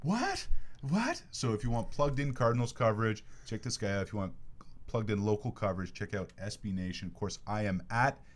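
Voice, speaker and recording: A man's voice: fairly low pitch, steady tone, fast talker. A man hosting a sports podcast from a studio, chatty and jokey, running through plugs in a casual way. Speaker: podcast host.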